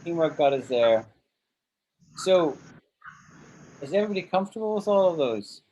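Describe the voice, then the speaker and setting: A man's voice: fairly high pitch, animated, normal speed, warm tone, slight background noise, rough recording. A man teaching an online English grammar lesson, patiently walking through example sentences and checking that his students follow.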